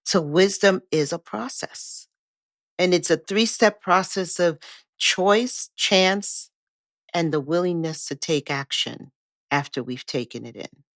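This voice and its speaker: A woman with a low voice speaks slowly and thoughtfully on a podcast. Her calm, measured words sound dry and close, with no room around them. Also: no room sound. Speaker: podcast co-host. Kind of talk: reflective conversational talk.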